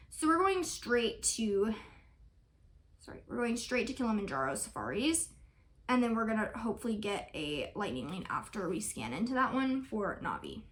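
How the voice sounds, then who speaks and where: Chatty young woman vlogger, slightly high. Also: a bit bright. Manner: chatty, rambling, effusive. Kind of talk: casual chat to camera.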